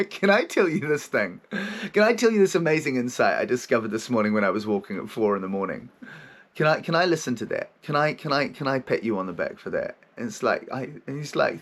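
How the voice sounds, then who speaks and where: A man at a mid pitch talks openly in a casual podcast monologue, swearing often and breaking into laughter. He acts out his own inner dialogue in different tones as he goes. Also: animated, moderate pace, fairly bright tone. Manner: frank and profane, laughing often, acting out his inner voices. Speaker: podcast host, therapist.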